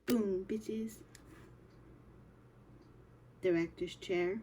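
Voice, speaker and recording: A woman's voice: mid-range voice, fairly even intonation, drawn-out words, dark tone, slight background noise. A young woman chatting to herself while reacting to a music video, sometimes dropping into whispers. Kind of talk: casual reaction commentary.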